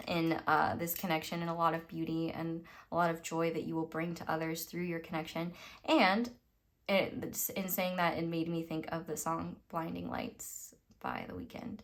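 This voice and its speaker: A woman's voice: fairly low pitch, a bit bright. A young woman from the United States giving a casual, rambling tarot reading, full of fillers and little laughs. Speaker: tarot reader.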